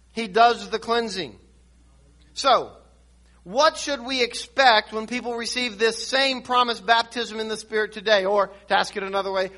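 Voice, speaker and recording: A man's voice: sits high, sharp tone. A man preaching a sermon, teaching verse by verse through scripture with emphatic points and frequent restarts. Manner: reads and explains scripture verse by verse.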